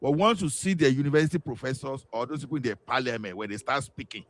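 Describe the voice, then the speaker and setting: A man's voice: mid-range voice, fast. A man with a Nigerian accent chatting casually on a panel, telling stories with lots of restarts. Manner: animated storytelling with repeated restarts.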